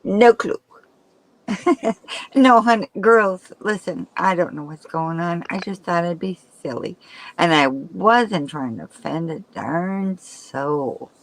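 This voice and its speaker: Easygoing woman caller, low-ish voice. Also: slow pace, low-quality recording. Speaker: guest caller. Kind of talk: casual chat.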